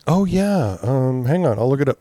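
A man's voice: mid-range voice, very animated, normal speed, warm tone, no room sound. A man chatting casually on a podcast, telling stories animatedly, swearing and acting out his own reactions. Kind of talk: casual chat.

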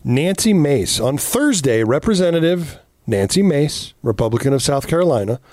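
A man co-hosting a political podcast, telling stories in a casual, animated way, swearing freely and acting out quotes. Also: fairly high pitch, normal speed, dry recording. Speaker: podcast co-host.

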